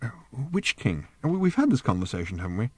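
A man's voice: fairly low pitch, huge pitch swings, fast, no room sound. A man voicing a bewildered, hesitant man who stammers through his questions in an audiobook. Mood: confused. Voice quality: stammering, puzzled. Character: flustered bewildered Englishman, hesitant.

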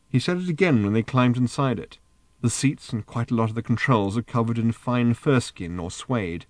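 A man narrating an audiobook in a wry, measured storytelling manner, recorded close on a studio mic. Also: mid-range voice, dry recording.

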